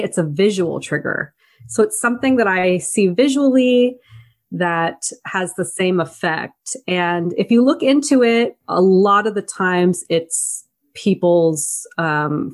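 A woman co-hosting a movie review podcast, talking in an easy, chatty way. She is animated and laughs often. Her pitch rises and falls a great deal as she talks. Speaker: podcast co-host. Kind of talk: casual movie review chat.

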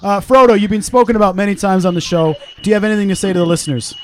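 A man's voice: high voice, very fast, slight background noise. A man hosting a podcast in casual chat, brash and full of crude banter. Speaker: podcast host.

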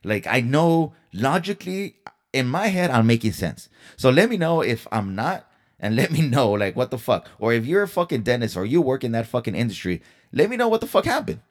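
This podcast host speaks briskly in a sing-song, mid-range voice. Alone on the mic, he delivers a storytelling rant, heated and profane, throwing rhetorical questions out to his listeners.

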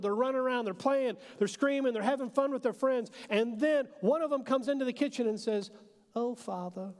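A man in his thirties, a pastor preaching a sermon in a relaxed, joking way, full of fillers. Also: very high-pitched. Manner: casual and joking, with many fillers. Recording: long hall reverb.

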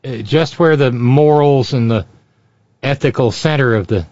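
A man's voice: mid-range voice, moderate pace, darkish tone, no echo. A man hosting a sarcastic political commentary show, with mocking asides. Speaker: host. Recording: dry, dull lo-fi sound.

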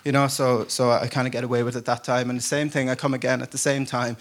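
A man's voice: medium pitch, level tone, fast, few pauses. A man preaching to a church congregation in a casual, storytelling way, often joking at his own expense. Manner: casual storytelling, self-deprecating humor, laughs often. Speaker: pastor. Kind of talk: conversational sermon. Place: church service before a congregation.

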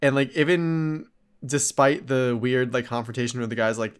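A man co-hosting a podcast in casual chat, laid back and quick to laugh. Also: medium pitch, level tone, clean tone. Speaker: podcast co-host. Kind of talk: casual chat reviewing a show.

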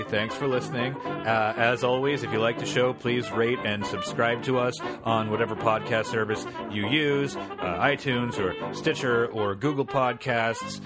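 A man co-hosting a podcast in casual chat, with a laid-back, irreverent joking manner. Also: medium pitch. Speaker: podcast co-host.

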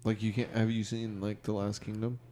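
A man's voice: fairly low pitch, little pitch movement, a little fast, warm tone. A man co-hosting a podcast in casual chat, laid-back and peppering his talk with "dude" and "like".

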